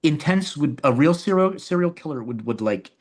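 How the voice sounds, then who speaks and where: An expressive man with a higher-pitched voice and a normal pace is a guest in a casual interview about the films he makes. He's animated, and his sentences keep looping back with repeated words and restarts.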